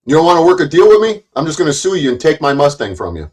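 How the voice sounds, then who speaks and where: A middle-aged man rants straight at the camera, confrontational and crude, swearing constantly and tripping over restarts. His pitch sits a touch high for a man, and his voice leaps up and plunges down with wide, lively swings as he taunts. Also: quick pace, few pauses, poor audio. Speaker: YouTube commentator. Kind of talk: angry profane rant to the camera.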